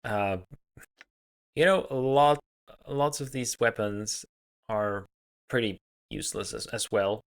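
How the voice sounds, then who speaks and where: Man, let's play commentary, relaxed, musing, hesitant. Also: on the low side, slow pace, pauses often, clear, resonant tone. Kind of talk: casual game commentary.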